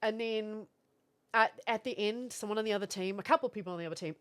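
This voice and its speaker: A woman's voice: medium pitch, fairly even intonation, fairly quick, clean tone. A woman streamer in casual livestream chat, rambling along, laughing often and thanking viewers. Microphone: streaming setup with camera.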